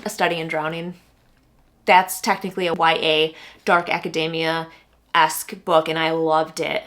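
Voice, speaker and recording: A woman's voice: sits low, flat delivery, a little slow, a bit bright. Gushing chatty woman booktuber. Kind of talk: casual unboxing chat.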